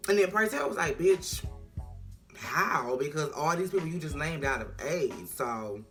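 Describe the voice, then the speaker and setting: An animated vlogger retells a TV episode in a bright, sharp voice, peppered with slang and cursing. Soft music plays faintly in the background. The delivery is loose, chatty and full of attitude. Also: mid-range voice, unhurried. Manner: animated, profane, slang-heavy storytelling. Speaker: TV recap vlogger. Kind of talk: casual TV episode recap.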